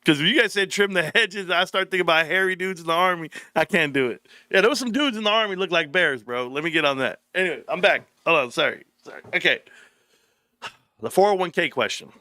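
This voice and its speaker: Bright-voiced man chatting on a livestream. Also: sits high, quick pace, no room sound, clean studio sound. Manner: profane, laughing, loose storytelling. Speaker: livestream host. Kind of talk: casual livestream chat reading comments.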